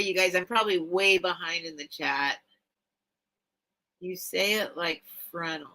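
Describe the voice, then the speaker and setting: A woman's voice: on the low side, steady tone, a little slow, long pauses, pushed and bright, poor audio. A middle-aged woman hosting a late-night live sale stream, chatting casually and emotionally as she reacts to viewer comments.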